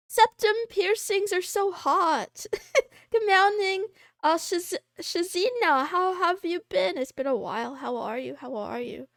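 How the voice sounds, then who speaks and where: A young woman VTuber chatting casually with her live chat, playful and quick to laugh. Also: high-pitched, very animated, a bit bright, no echo, studio quality. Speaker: VTuber streamer.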